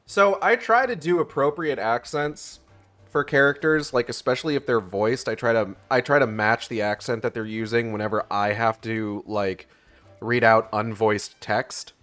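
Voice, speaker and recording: A man's voice: mid-range voice, normal speed, a bit bright, faint music behind. A man streaming a video game, talking casually in a rambling way with lots of fillers and some swearing. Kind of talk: casual let's-play commentary.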